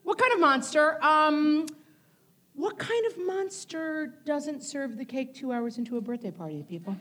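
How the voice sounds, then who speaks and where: A woman's voice: high voice, lively intonation, measured pace, pushed and bright. A woman co-hosting a comedy podcast live on stage, emphatic and exasperated, laughing often. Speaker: podcast co-host. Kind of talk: comedic live show banter. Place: theater stage before a live audience. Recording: live stage recording with audience noise.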